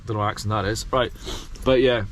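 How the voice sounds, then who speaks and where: A man's voice: fairly low pitch, fairly even intonation, very fast, a bit bright, a little hiss or hum. A man who runs a gardening business, answering viewer questions in a rambling, chatty, self-deprecating way. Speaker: gardening business owner vlogger. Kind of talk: casual vlog Q&A talk.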